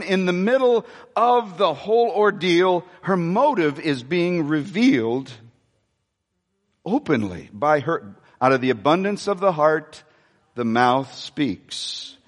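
A pastor preaching a sermon, animated and repeating his phrases, asking the congregation questions as he goes. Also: high voice. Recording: reverberant church hall.

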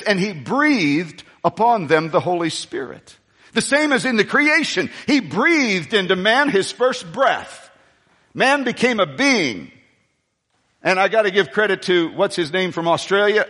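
High-voiced male pastor in a reverberant hall. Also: a bit bright. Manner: rambling, storytelling asides, call-and-response with the congregation. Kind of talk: sermon.

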